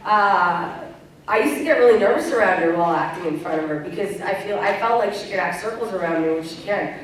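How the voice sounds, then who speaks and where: A woman's voice: mid-range voice, fairly quick, a little hiss or hum. A woman from Canada answering fan questions as a convention panel guest, candid and laughing easily. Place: large convention hall. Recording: very echoey hall, distant mic.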